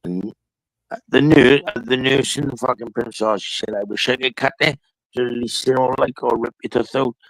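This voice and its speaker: A man's voice: medium pitch, moderate pace, no room sound, low-quality recording. A man telling a rambling, profane story in casual chat.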